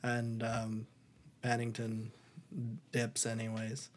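A man at a middle pitch chats casually on a podcast, rambling through a story and laughing often. He talks loosely with fillers and quick asides. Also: monotone. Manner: rambling, laughing, breaks into put-on voices for quotes. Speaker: podcast co-host. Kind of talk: casual podcast chat, recapping a movie.

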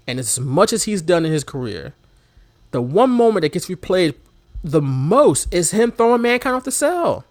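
A man talks casually and animatedly about old matches, his voice swooping high and low with a lively, expressive range. He sits fairly high for a male voice, and the recording is dry and close with no room sound. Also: no room sound. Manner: animated, laughs often, mimics commentators' shouts. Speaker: podcast co-host. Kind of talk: casual wrestling chat.

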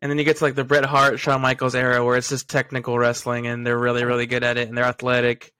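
A man's voice: mid-range voice, completely flat delivery, quick pace, bright, forceful tone, smooth, no room sound. A young man hosting a casual chat with his father, eagerly asking questions and chiming in. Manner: eager, asks and chimes in. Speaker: podcast host.

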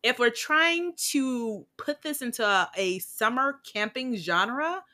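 A woman's voice: on the high side, expressive, slow, pushed and bright. A woman co-hosting a podcast in casual chat, blunt and profane, often laughing and going off on tangents. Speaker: podcast co-host.

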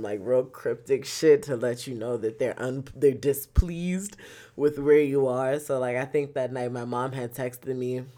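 Animated, profane young woman storyteller. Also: very deep voice. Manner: animated, profane, swings between loud outbursts and quiet muttering. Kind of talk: casual storytelling monologue.

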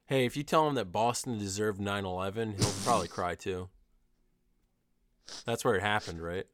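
A young man co-hosting a podcast, delivering dry, absurd jokes in a deadpan way. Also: fairly low pitch, normal speed, background noise. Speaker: podcast co-host. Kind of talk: casual chat.

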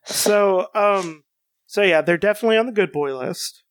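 A man's voice: high-pitched, normal speed, dry recording, studio quality. A young man in casual chat, rambling and enthusiastic, restarting his sentences often.

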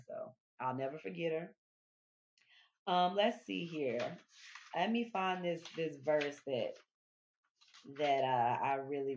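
A woman's voice: rumbling low, a little hiss or hum. A woman hosting a podcast, talking to listeners in a casual, reflective monologue, often repeating her words as she goes. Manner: chatty, repeats words, addresses listeners directly. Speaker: podcast host. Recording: dull lo-fi recording.

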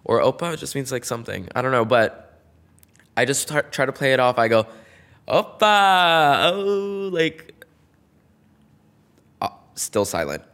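A young man hosting a casual solo podcast, gossiping in a campy, playful way and swinging between loud bursts and soft asides. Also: medium pitch, animated, brisk. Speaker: podcast host.

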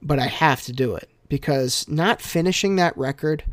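A young man hosting a casual podcast, telling stories in an animated, jokey way that swings from quiet to loud. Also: fairly high pitch, moderate pace, no room sound. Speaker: podcast host.

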